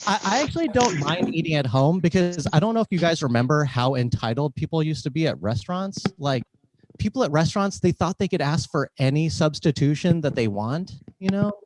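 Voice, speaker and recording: A young man doing a clean stand-up set over a video call, wry and self-mocking, slipping into deadpan voices for the people in his stories. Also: on the high side, a little fast. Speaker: stand-up comedian.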